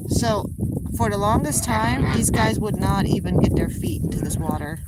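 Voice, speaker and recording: A woman filming her geese by a pond outdoors, explaining things plainly and cooing to the birds in high baby talk. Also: animated, moderate pace. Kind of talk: casual vlog talking to pets. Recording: loud outdoor background noise. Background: animal sounds and outdoor noise.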